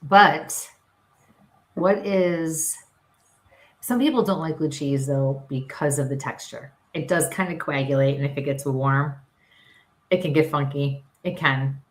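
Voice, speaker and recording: Woman co-host, Western New York accent, lowish voice, chatty storyteller, echoey room. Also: a little slow. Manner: chatty, laughing, animated storytelling. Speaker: co-host, psychic medium. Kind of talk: casual live-stream chat.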